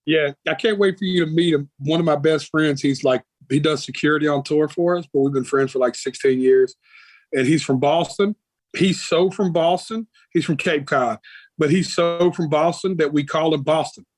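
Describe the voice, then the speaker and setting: A man's voice: fairly high pitch, normal speed, no room sound, low-quality recording. Man with a Southern drawl, rambling stories. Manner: rambling, folksy storytelling. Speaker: guest musician. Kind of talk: casual interview chat.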